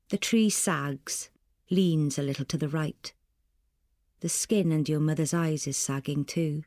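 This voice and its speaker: A woman reading a story aloud in a calm, measured way. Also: low voice, no echo, clean studio sound. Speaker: narrator.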